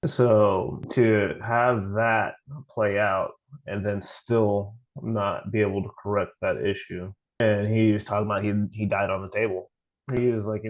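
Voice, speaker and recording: A man with a fairly low voice talks loosely on a podcast, retelling conversations by quoting people. He often trips over his words and restarts them. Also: fairly even intonation, normal speed, rough recording. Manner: storytelling, quoting others, frequent restarts. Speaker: podcast host. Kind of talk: casual chat.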